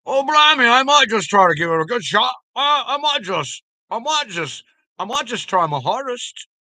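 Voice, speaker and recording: Man doing a hammy, plummy mock-British bloke, pitched up high, bright and teasing. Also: sing-song, moderate pace, no echo, full character voice. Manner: exaggerated British slang, plummy delivery.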